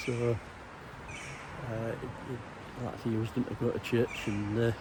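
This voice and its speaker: A man's voice: medium pitch, little pitch movement, a little slow, very noisy. A middle-aged man and former police officer giving a casual, rambling walking tour outdoors, with dry humour. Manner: meandering, anecdotal, dry humour. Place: outdoors in a small town.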